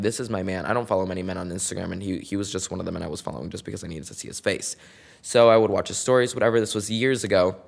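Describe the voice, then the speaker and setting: Casting note: male podcast host, low and gravelly, gossipy solo storyteller full of slang. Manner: chatty and dramatic, heavy use of "like" and slang.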